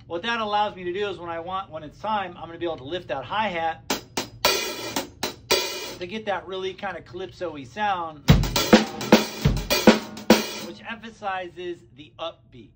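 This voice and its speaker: Male drum teacher, higher voice, counts beats out loud, loud drum kit behind. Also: normal speed, over loud music. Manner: relaxed, counts beats aloud and vocalizes rhythms. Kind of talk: casual drum lesson.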